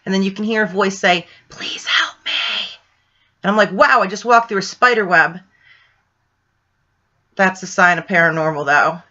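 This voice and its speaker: A woman from Ohio tells a story in a loose, rambling way, leaning on "like" and "right?". Her voice is bright and forward. The recording is a little dull and lo-fi. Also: fairly low pitch. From Ohio, USA. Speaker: vlogger telling a paranormal story. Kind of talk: casual storytelling.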